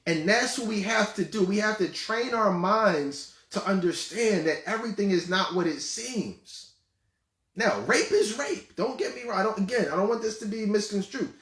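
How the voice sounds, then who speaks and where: A male show host giving casual commentary, telling stories in an animated, conversational way with lots of fillers. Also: sits high, normal speed, reverberant. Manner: animated, conversational storytelling with many repeats and fillers.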